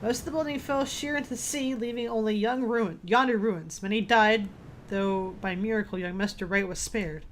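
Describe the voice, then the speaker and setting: A woman's voice: mid-range voice, normal speed, a little hiss or hum, natural voice. A woman voicing a grim, vengeful old male fisherman in a game, reading the dialogue aloud with a few stumbles.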